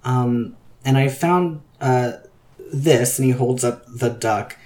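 A man's voice: medium pitch, slow, a little mellow, natural voice. A man voicing a nervous young photography student who stammers and apologizes.

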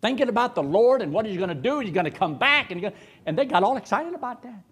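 Middle-aged male preacher, high and lively voice, sermon delivery. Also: fast, husky. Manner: animated, swooping preacher cadence with sudden loud rises.

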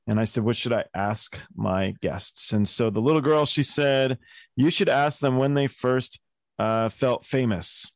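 A man's voice: medium pitch, a little slow, no room sound, studio quality. A man hosting a podcast, reacting to a guest's story and asking friendly follow-up questions on a video call. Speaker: podcast host. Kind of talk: casual interview chat.

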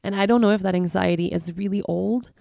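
A woman's voice: mid-range voice, brisk, vocal fry, darkish tone, no echo, clean studio sound. A woman hosting a podcast, talking candidly and searchingly about her feelings, often restarting and circling back. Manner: candid, searching, many restarts and "you know". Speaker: podcast host. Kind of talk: reflective personal monologue.

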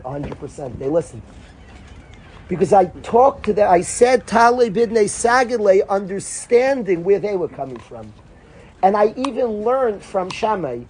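Man, rabbi-style talk, animated, voices swing high and low, light background hiss. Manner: animated storyteller, acts out dialogue with big pitch jumps. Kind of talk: informal Torah talk.

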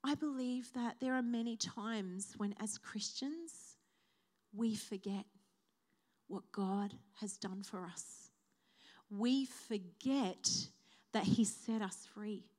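A woman's voice: mid-range voice, slow pace, darkish tone. A woman preaching a sermon at a church service, speaking heartfelt and building to a rising preaching cadence.

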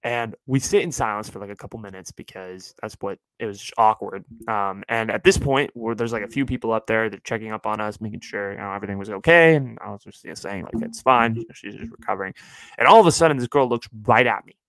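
A man's voice: on the low side, quick pace, dry recording, poor audio. Chatty young man telling a story. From California. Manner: animated, chatty, laughs through his story. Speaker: podcast host. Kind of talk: casual storytelling podcast.

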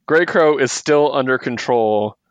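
A man's voice: medium pitch, a little slow, no room sound, dull audio. A man co-hosting a podcast, casually recapping comic books, laughing often and acting out the characters' lines. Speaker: podcast co-host. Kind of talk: casual comic book discussion.

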